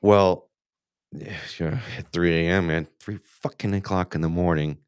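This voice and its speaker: Deep-voiced, rambling, swearing man host. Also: steady tone, normal speed, darkish tone, clean tone, no echo, clean studio sound. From United States. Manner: rambling, profane, frequent restarts. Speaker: podcast host. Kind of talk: casual live podcast chat.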